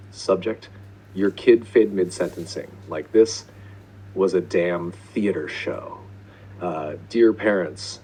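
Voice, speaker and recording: A man narrating angry complaint emails to parents in an exasperated, profane, deadpan comic manner. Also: low-pitched, slightly rough, low-quality recording. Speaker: school principal character writing to parents.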